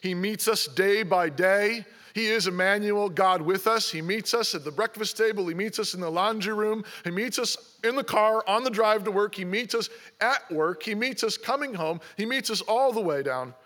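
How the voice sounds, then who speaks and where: Male pastor, high bright voice, preaching with insistent repeated questions. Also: normal speed. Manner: exhorting, repeats rhetorical questions. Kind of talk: sermon.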